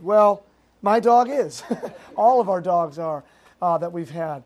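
A youth pastor from Massachusetts preaches a sermon to a youth group. The voice sits at a mid pitch. The delivery is animated storytelling, full of fillers and quick self-interrupting asides. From Massachusetts, United States.

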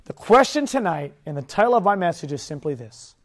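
A man with a notably high voice preaches to a youth group, animated and lively. He delivers his sermon with energy, slipping into playful impressions of the kids he talks about. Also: fairly quick, few pauses. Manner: animated, mimics kids' voices in anecdotes. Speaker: youth pastor. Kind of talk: sermon to teenagers.

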